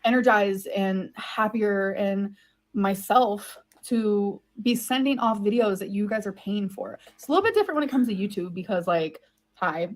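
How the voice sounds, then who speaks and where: A woman's voice: mid-range voice, normal speed. A woman in her thirties answering viewer questions in a casual vlog, rambling and putting herself down. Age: 30s. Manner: rambling and self-deprecating.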